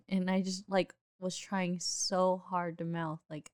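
A woman telling an animated personal story in casual chat, often laughing. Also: on the low side, takes it slowly, no room sound, studio quality.

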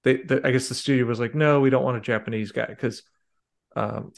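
A man's voice: mid-range voice, fairly even intonation, a little fast, gravelly. A man hosting a podcast, chatting casually about a movie with rambling, filler-heavy talk. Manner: rambling, lots of fillers and restarts. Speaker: podcast host.

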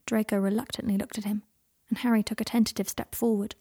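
A woman softly reading a romance story aloud in a hushed, narrating voice. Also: mid-range voice, flat delivery, fast, few pauses, slightly rough. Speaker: reader. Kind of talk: fan fiction audiobook reading.

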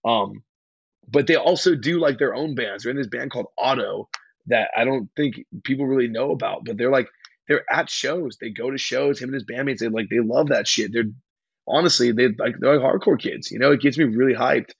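A young man, a hardcore band singer from California, telling stories in a rambling, slangy, excitable way as a podcast guest. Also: medium pitch, fairly quick, creaky, breathy edge, dry recording, muffled recording. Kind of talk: casual interview chat.

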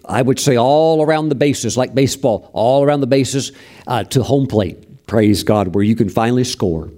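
A man preaching a sermon as pastor, emphatic and repetitive, often acting out other people's voices in a high plea. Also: normal speed, mellow. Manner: repeats phrases, frequent restarts.

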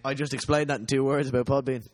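A man's voice: medium pitch, quick pace. A young man co-hosting a casual podcast chat, joking and laughing often. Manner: jokey, animated, laughs often. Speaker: podcast co-host.

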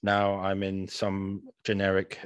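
A young man on a gaming podcast, his voice on the low side and recorded dry and close. He chats in a loose, laid-back way, often dropping "man" and the odd swear. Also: monotone, slow, clear, resonant tone, dry recording. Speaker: podcast co-host. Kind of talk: casual chat. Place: home room, green-screen beach backdrop.

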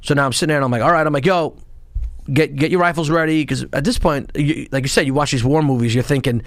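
New guy in his 40s telling war stories, swears a lot, gets loud acting out quotes, dry mic. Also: fairly high pitch, fast, no echo. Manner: animated, profane storytelling with quoted voices. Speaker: podcast guest, former Marine and police sergeant. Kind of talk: casual storytelling interview.

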